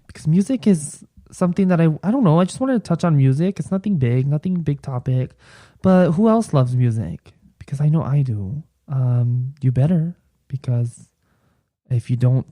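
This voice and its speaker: A man's voice: medium pitch, warm tone, dry recording. A young man hosting a casual solo podcast, rambling and playful with lots of fillers. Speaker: podcast host.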